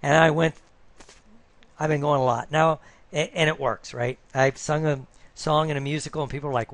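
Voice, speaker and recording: Middle-aged man, coach, rambling casual monologue, voice a bit higher than most, dry close sound. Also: steady tone, fast, a bit bright, no room sound. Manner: rambling, peppers talk with "right?".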